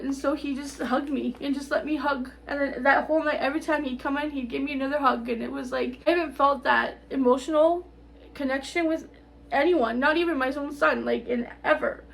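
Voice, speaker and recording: A middle-aged woman talking straight to camera in a tearful, rambling personal update, halting and repeating herself. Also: sits high, vocal fry. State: tearful, on the verge of crying. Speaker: vlogger.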